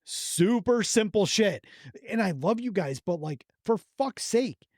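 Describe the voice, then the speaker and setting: Animated, swearing man hosting a podcast. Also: high-pitched, unhurried, no echo, studio quality. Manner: enthusiastic, profane, animated storytelling. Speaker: podcast host. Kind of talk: casual chat.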